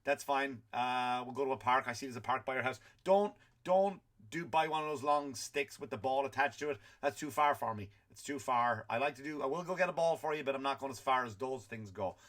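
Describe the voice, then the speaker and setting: A man's voice: mid-range voice, brisk, few pauses, fairly bright tone, natural voice. A man voicing an easygoing adult male dog who talks in a casual, chatty, matter-of-fact way.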